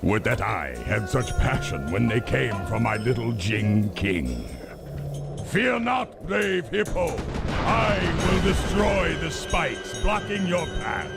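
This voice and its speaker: Commanding panda warlord, slow, gravelly, grand. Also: male voice, mid-range voice, very animated, heavily acted. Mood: solemn. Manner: grand, declaiming. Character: proud older male panda warlord. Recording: game audio under loud music.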